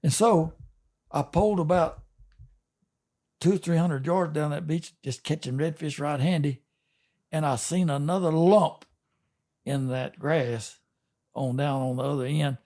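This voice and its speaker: An older man from Texas, a fishing captain, speaks in a warm, slightly high voice. In a casual interview he spins a folksy, drawn-out yarn, chuckling along the way.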